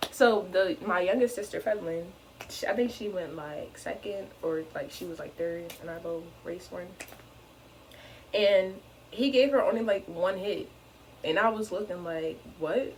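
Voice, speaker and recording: A young woman tells a funny story from her youth to her channel, with a slightly low voice. She is animated and full of "like"s. A faint hiss sits under the recording. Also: a little slow, rough recording. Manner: animated, fills speech with "like". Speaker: vlogger. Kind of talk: casual storytime.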